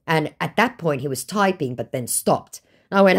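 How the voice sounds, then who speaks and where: A woman's voice: low-pitched, lively intonation, moderate pace, breathy edge. A woman casually retelling a chat with blunt, sarcastic, swear-filled remarks. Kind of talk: casual storytelling.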